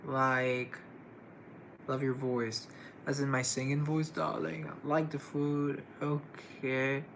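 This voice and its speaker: Live stream host, male, gravel in the voice, chatty and easygoing with viewers, faint hiss behind him. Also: medium pitch, flat delivery, takes it slowly. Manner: chatty, greets viewers and answers chat comments. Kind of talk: casual live stream chat.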